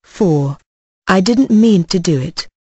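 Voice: medium pitch, animated, slow, mellow, husky, dry recording, dull audio. A sulky young shop lad, a little drunk, whining and blubbering his excuses, as an audiobook reader puts him on. The voice is close and dry, told as a storybook scene. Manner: whiny, blubbering. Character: tipsy, sulky young male shop boy.

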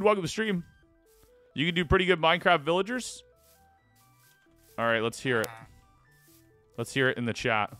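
A man's voice: on the high side, very animated, fairly quick, long pauses, pushed and bright, soft background music. A man live-streaming a video game, chatting casually and playfully with his viewers. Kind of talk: live gaming stream chat.

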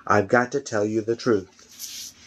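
A man's voice: on the low side, steady tone, takes it slowly, a bit bright. A man voicing a tough monster hunter in a home story reading, urgent and pleading.

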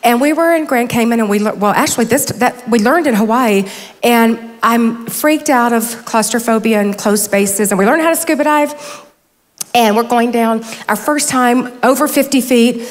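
A woman in her fifties with a high voice tells funny stories about herself from a conference stage, chatty and close to tears. Her voice carries a long reverb from the large hall. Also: normal speed. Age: 50s. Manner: chatty, self-deprecating, teary. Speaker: conference speaker. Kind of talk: conference talk with humorous stories.

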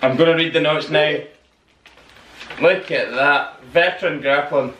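A man's voice: on the high side, fairly even intonation, measured pace, muffled recording. A man hosting an unboxing vlog, chatty and full of exclamations. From Northern Ireland. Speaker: channel host. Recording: echoey room, mic at a distance, noisy.

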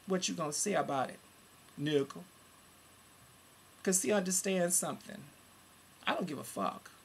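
A gravelly, creaky-voiced person in their forties rants into a home computer mic, cursing hard. The voice jumps from heated shouting down to low, grumbling asides, and there is faint noise underneath. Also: normal speed. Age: 40s. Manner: profane and heated, swinging between loud outbursts and low muttering. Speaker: vlogger. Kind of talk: angry webcam rant.

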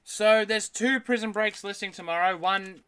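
A man with a bright, forceful voice running a live card break. He reads out names one after another and answers viewers' chat as he goes, in a slightly high register. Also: moderate pace, smooth. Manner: rattles off names, reacts aloud, chats with viewers. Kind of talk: live card-opening stream.

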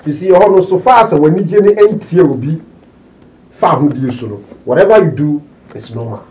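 A man's voice: on the high side, expressive, fairly quick, warm tone. A middle-aged man, a guest in a casual chat, speaking emphatically and switching between English and Twi. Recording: distant mic with faint noise.

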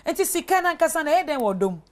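A woman hosting a television talk show, asking lively, probing questions. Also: very high voice, rapid-fire. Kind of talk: Twi-language TV talk show.

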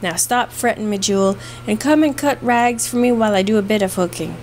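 A woman's voice: mid-range voice, brisk, a little mellow, a little hiss or hum, lightly acted, poor audio. A woman voicing a fond, scolding old housekeeper with an Irish brogue, read in a storybook.

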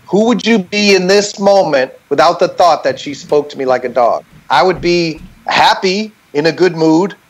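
An earnest man talking candidly as a podcast guest over a video call. His voice sits a little higher than most men's, and he works through his points reflectively, often tagging them with a quick "right?". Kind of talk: candid conversational storytelling.

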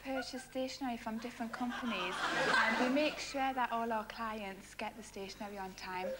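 A woman's voice: a little high, steady tone, a little fast, heavy background noise. Hesitant woman. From Tyneside, England. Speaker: contestant. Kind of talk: TV show interview answers.

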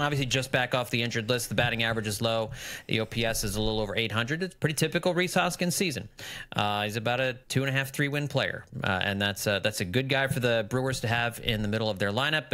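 A man's voice: mid-range voice, sharp tone. A middle-aged man co-hosting a sports podcast, rattling off stats in casual chat and chuckling often. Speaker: podcast co-host.

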